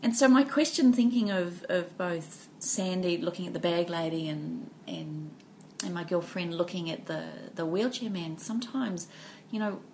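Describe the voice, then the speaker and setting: A woman's voice: on the low side, moderate pace, hardly any pauses, slight background noise. Thoughtful New woman podcaster. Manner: thoughtful, animated storyteller. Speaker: podcast co-host. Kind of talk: casual reflective chat.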